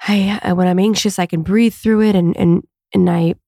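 A woman's voice: mid-range voice, steady tone, normal speed, creaky, dark tone, no room sound, studio quality. A woman hosting her own podcast, talking alone in an earnest, confessional, rambling way with many fillers, from home. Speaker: podcast host and coach. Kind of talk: casual solo podcast monologue.

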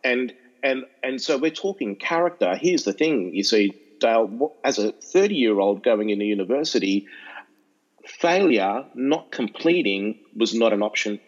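Middle-aged Aussie speaker, animated storyteller, mid pitch, muffled lo-fi audio. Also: male voice, unhurried. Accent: Australian. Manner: animated, repeats and restarts, acts out voices in anecdotes. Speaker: educational speaker to students. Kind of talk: storytelling interview chat.

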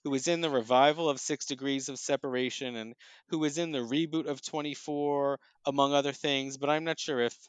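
A man talking through the plays and films he has just seen, in a smooth, resonant voice and a relaxed, measured way. He pauses often with ums and starts his sentences over. The sound is close and dry. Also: medium pitch, dry recording. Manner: thoughtful, with frequent ums and restarts. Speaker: theater and film critic. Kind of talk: casual review chat.

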